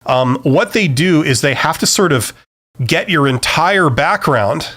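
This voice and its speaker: A man's voice: on the high side, expressive, unhurried, fairly bright tone. A middle-aged man hosting a live-stream Q&A, giving career advice in a loose, conversational way full of fillers and restarts. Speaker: career advice host answering viewer questions.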